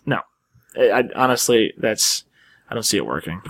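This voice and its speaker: A man's voice: lowish voice, big pitch swings, a little fast, a bit bright. A man co-hosting a casual gaming podcast, rambling with "you know" and trailing off as he thinks aloud. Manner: rambling, trails off, hedging with fillers. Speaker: podcast co-host.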